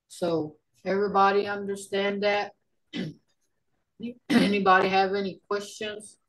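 Woman, language teacher on a video call, patient and slow, repeats words for learners. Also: medium pitch, level tone, a bit bright, rough recording. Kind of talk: online language class.

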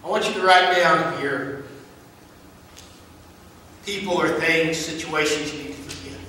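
Earnest preacher man telling a story, bright voice, far off in a big echoey hall. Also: a little high, measured pace, a little hiss or hum. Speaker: pastor. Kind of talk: sermon.

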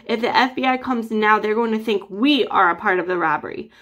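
A woman voicing a plucky young boy penguin spy in a storybook read-aloud, urgent and excited. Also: medium pitch, brisk, lightly acted.

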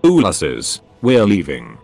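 A man's voice: low voice, huge pitch swings, takes it slowly, vocal fry, darkish tone, soft background music, heavily acted. A man voicing a tense male public defender who speaks tautly, in a storybook reading. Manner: taut and curt.

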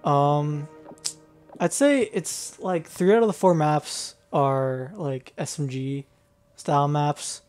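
A man's voice: fairly high pitch, slow, a little mellow, faint music behind. A young man in his late teens hosting a gaming video in casual talk, rambling with many fillers and laughing often. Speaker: gaming channel host.

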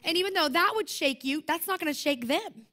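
A woman's voice: very high voice, animated, a little fast, bright, forceful tone. A young woman preaching at a conference, talking to the room in a passionate, conversational way and repeating her points. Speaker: conference speaker. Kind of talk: sermon.

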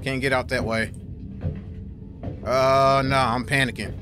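Over game music, a young YouTuber narrates a horror let's play with jumpy, slangy reactions and swearing. His mid-range voice stays level in tone and unhurried.

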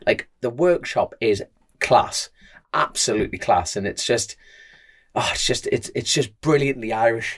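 A man co-hosting a motorbike podcast, telling rambling stories full of fillers in a casual chat. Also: fairly low pitch. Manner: rambling, lots of fillers, animated storytelling. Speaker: podcast co-host and motorbike racer.

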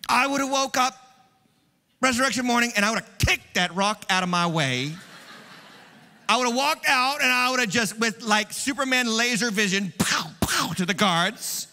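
A man preaching an Easter sermon as pastor, animated, dropping to a hush and then rising loud and fast. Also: very high-pitched, in a large hall. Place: large church hall.

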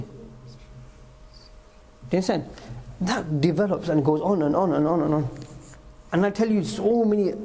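A man's voice: a little high, dark tone, rough recording. A man giving a mosque talk, retelling stories and repeating points for emphasis. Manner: storytelling, acts out quotes, emphatic repetition. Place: mosque hall.

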